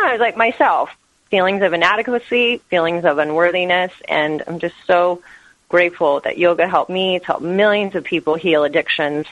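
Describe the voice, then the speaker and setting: A woman's voice: on the low side, fairly bright tone, no echo, dull audio. Earnest woman with a dry-sounding voice. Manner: earnest, flowing spiritual talk. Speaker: guest, yoga teacher. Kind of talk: interview answers.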